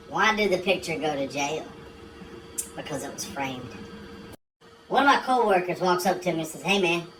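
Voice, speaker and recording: A woman's voice: low voice, sharp tone, distant mic, slight background noise, poor audio. A woman telling a string of one-liners and dirty jokes in a dry, matter-of-fact way. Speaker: joke teller. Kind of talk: deadpan joke telling.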